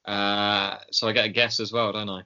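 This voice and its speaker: A man co-hosting a podcast in casual chat, slow and hesitant with many ums and pauses. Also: on the low side, level tone, bright, forceful tone, clear, resonant tone, highs cut off. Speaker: podcast co-host.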